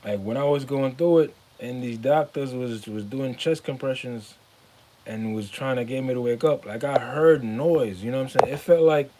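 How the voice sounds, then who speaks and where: A man's voice: mid-range voice, moderate pace. A man hosting a podcast, casually recounting a personal story with loose, rambling phrasing. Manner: relaxed, rambling, with many fillers like "you know what I'm saying". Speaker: podcast host.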